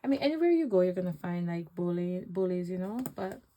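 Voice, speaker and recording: A woman vlogging about her budget, counting cash out loud and talking back with sass. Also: lowish voice, expressive, fairly quick, a little hiss or hum, poor audio. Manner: sassy, talks back to herself, counts money aloud. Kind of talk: casual chat while counting cash.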